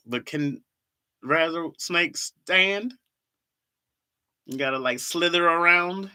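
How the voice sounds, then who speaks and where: A man's voice: on the high side, very animated, extremely slow, long pauses, bright, forceful tone. A man who does comedy, chatting casually on a live stream, reading comments aloud and laughing often.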